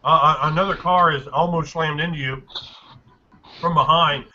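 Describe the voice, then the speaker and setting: Game master, man, sharp bright voice, halting delivery; dull lo-fi recording with faint hiss. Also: fairly high pitch, steady tone. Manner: halting, many fillers and restarts while describing scenes. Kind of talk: narrating a tabletop game.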